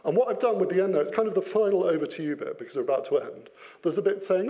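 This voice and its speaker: A man giving an interactive business talk, lively and playful, putting questions to his audience. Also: high voice, fast talker. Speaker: business speaker.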